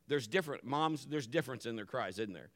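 A middle-aged man preaching a sermon as pastor, animated, acting out his family's voices and dropping to a hush for calm moments. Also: mid-range voice, brisk. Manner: drops to a hushed voice for calm moments.

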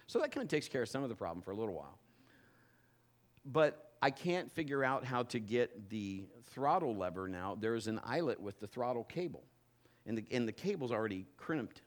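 A male pastor preaching to his congregation, telling a personal story in an animated way, with self-mocking humor and frequent restarts. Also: mid-range voice. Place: church before a congregation.

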